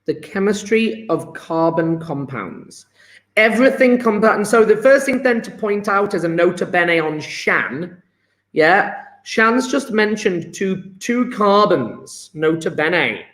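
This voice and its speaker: A man's voice: high-pitched, animated, slow pace, a bit bright. A man teaching a chemistry lesson to students, chatty and encouraging, often checking with "yeah?". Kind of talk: live online lesson. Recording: echoey room.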